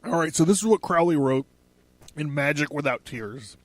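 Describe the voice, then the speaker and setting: Male podcast host, loose and profane, doubles back on himself, pitched a bit high. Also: expressive, moderate pace, no room sound. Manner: rambling, profane, self-correcting. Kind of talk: casual podcast monologue.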